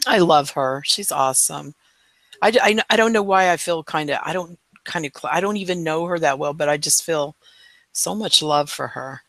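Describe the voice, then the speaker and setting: A woman's voice: low voice, normal speed, no room sound. Woman cohosting a late chat show, affectionate and easygoing, dry close sound. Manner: warm, affectionate, casual. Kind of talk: late-night casual chat.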